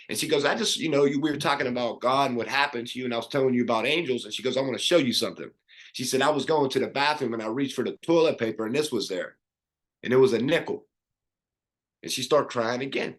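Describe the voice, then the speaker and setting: A man in middle age tells his own story as a podcast guest. His voice sits in an ordinary middle pitch. He speaks earnestly and with feeling, often restarting his sentences as he goes. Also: creaky, a bit bright. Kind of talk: personal storytelling.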